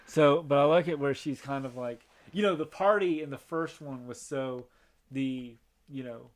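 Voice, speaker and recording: A man's voice: mid-range voice, normal speed. A man co-hosting a podcast, chatting casually about a film with lots of fillers and restarts. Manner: rambling, many fillers, acts out quoted lines. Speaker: podcast co-host. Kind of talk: casual movie review chat.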